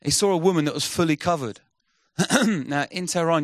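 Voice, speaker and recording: Man, sermon storytelling, animated, acts out quotes, dry recording. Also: on the high side, normal speed, no room sound. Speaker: missionary speaker.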